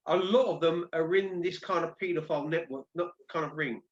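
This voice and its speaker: Man hosting, chatty, somewhat high voice. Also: a little fast. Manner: conversational, with frequent restarts. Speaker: host. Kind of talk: casual discussion. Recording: dull lo-fi audio.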